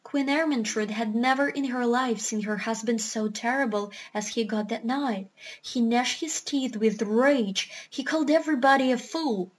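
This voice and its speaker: A woman reading a children's book aloud in a steady, expressive storytelling manner. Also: on the high side, normal speed. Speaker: narrator.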